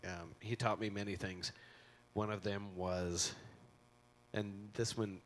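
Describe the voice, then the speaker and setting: A man's voice: on the low side, fairly even intonation, slow. A middle-aged man giving an informal eulogy in a convention hall on a handheld mic, rambling and joking as he tells stories. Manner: rambling, joking storytelling with acted quotes. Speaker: eulogy speaker. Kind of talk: informal memorial speech.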